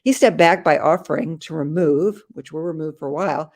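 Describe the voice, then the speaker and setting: A woman's voice: sits low, fairly quick, a little mellow. A woman in her seventies, a guest on the show, arguing earnestly and asking rhetorical questions in conversation. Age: 70s. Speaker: activist guest. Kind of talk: conversational interview.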